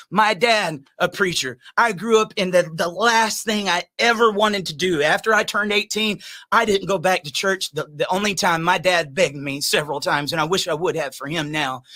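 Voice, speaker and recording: A man hosting a podcast, delivering a fired-up, preachy monologue that climbs into shouts. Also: high voice, moderate pace. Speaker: podcast host.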